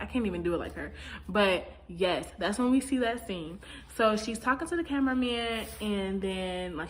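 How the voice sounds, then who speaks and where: A woman giving a casual, opinionated recap of a reality dating show, often acting out what people said. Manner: chatty, opinionated, acts out quotes with big pitch jumps. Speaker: recap commentator.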